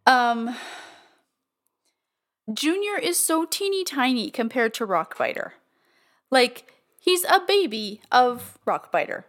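A woman's voice: fairly high pitch, very animated, takes it slowly, long pauses, a bit bright. A woman co-hosting a podcast in casual chat, laughing often, swearing and saying "like" a lot. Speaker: podcast co-host.

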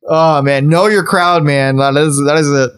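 A man's voice: a little high, fairly even intonation, moderate pace, clear, resonant tone. A man co-hosting a comedy podcast in casual chat, rambling with lots of restarts, swearing and laughter. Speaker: podcast co-host.

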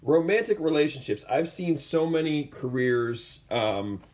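Man, coach type, earnest and rambly, low warm tone, echoey room. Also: expressive, measured pace. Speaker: combat sports coach and host. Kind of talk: casual storytelling in conversation.

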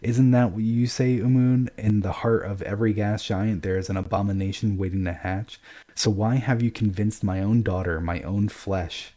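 A man's voice: fairly low pitch, fairly even intonation, normal speed, dark tone, natural voice. A man voicing a drunken raging emperor. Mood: furious. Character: boisterous drunken old male emperor, volatile.

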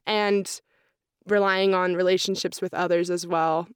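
Her voice is fairly low, flat, unhurried and smooth, recorded dry with clean studio quality. The young woman, an accounting student, chats about her life in a casual interview, full of "like" fillers and reenactments of her own thoughts.

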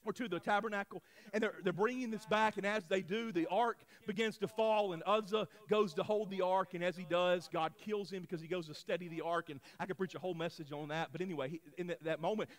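A pastor in his thirties preaching a sermon, moving from quiet storytelling to loud, shouted exhortation. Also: on the high side. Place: church sanctuary.

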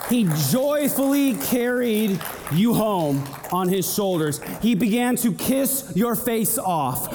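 High-voiced young male preacher in a hall. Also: takes it slowly. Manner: animated, acts out little scenes and voices. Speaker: pastor. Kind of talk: sermon. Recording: long hall reverb.

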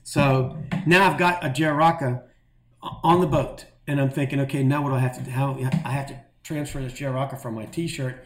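A middle-aged man telling a long story in a casual, animated way and acting out the voices of the people in it. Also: mid-range voice, a little fast, roomy sound, noisy background. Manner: animated, acts out quoted voices. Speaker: guest telling stories.

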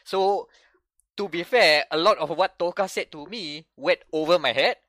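A man chatting on a gaming podcast with a bright, slightly high voice. He tells stories animatedly, restarting phrases as he goes. The sound is dry and close. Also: moderate pace, no echo. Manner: animated storytelling with frequent restarts. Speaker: podcast co-host. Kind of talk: casual chat.

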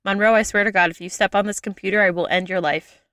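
Bright, chatty young woman storyteller. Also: medium pitch, fast, clean tone, no echo, studio quality. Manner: lively, chatty, frequent "like" fillers. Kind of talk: casual chat, telling a travel story.

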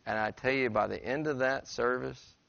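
A middle-aged male pastor preaches in a church, telling a personal story in a relaxed, folksy way with small restarts. His voice is deeply gravelly with heavy fry. The sound is close and dry but a bit dull and lo-fi. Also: normal speed, dry recording. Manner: folksy, conversational storytelling with self-corrections. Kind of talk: sermon. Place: church sanctuary.

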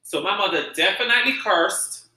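A man's voice: sits high, fairly quick, sharp tone. A man from Saint Vincent with a light Vincentian accent, hosting a casual solo podcast and telling a story animatedly, swearing freely. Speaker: podcast host. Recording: roomy echo.

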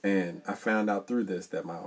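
A man co-hosting a podcast, telling stories in an animated, joking way. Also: sits low, normal speed. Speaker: podcast co-host. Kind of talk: casual chat.

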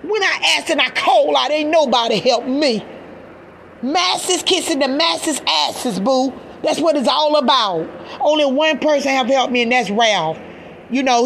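A woman's voice: a little high, fairly bright tone, a little hiss or hum. A middle-aged woman, a mother, giving an impassioned personal rant to camera, agitated and emphatic, swearing and repeating herself. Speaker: mother speaking out in a video.

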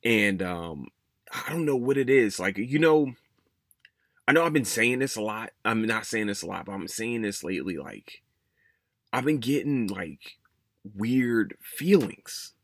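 Low-voiced man hosting a rambling podcast. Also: expressive, a little slow, fairly bright tone, dry recording, studio quality. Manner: rambling, with many fillers and restarts. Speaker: podcast host. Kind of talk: casual solo podcast monologue.

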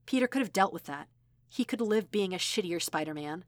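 Woman narrator, measured audiobook read, low voice, dry sound. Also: lively intonation, no room sound. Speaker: audiobook reader. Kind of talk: audiobook narration of fan fiction.

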